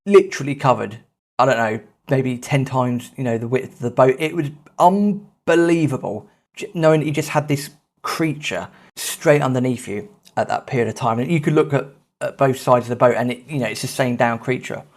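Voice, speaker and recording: A man, hosting a podcast and telling a travel story in a lively, self-mocking, casual way. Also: medium pitch, moderate pace. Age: 30s. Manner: animated, self-mocking anecdote telling with swearing. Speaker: podcast host.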